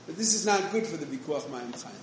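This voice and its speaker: A man's voice: fairly high pitch, expressive, fast talker. A man giving a conversational Torah lecture, full of restarts and Hebrew and Yiddish terms. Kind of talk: yeshivish Torah shiur. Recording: very echoey room, faint noise.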